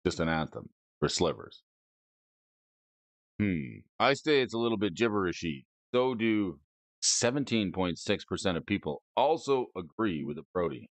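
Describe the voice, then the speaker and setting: A man's voice: lowish voice, big pitch swings, moderate pace, no echo. A man hosting a casual stream, rating game cards aloud with playful, goofy asides and silly wordplay. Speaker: host. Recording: dry, dull lo-fi mic.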